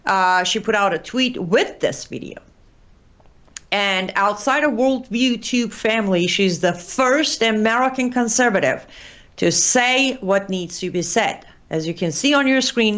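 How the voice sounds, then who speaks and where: A woman's voice: medium pitch, fairly bright tone. Exhausted woman giving impassioned commentary. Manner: earnest, pleading, emphatic. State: exhausted, sleep-deprived. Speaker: online show host.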